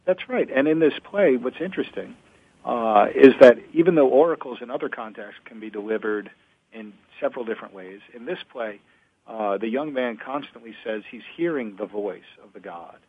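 A man who studies ancient drama, retelling a play in a lively storytelling way during a discussion. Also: mid-range voice, moderate pace. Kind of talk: conversational discussion. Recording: phone-like thin audio.

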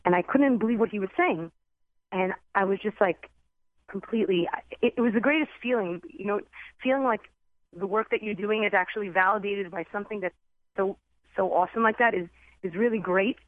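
An earnest woman tells her story to an interviewer at a quick, eager clip. Her voice comes through a narrow, tinny telephone line with no room sound around it. She talks like a former teacher, excited and open. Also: mid-range voice, no echo. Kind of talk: personal storytelling in a phone interview. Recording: tinny phone line, dry.

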